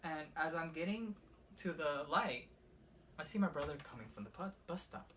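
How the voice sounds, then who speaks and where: A young man casually rambling through a personal ghost story for his vlog, swearing often and filling every pause with "like". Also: on the high side, animated, a bit bright. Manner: rambling, profane, heavy use of "like". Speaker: vlogger. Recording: slightly distant mic with faint room noise.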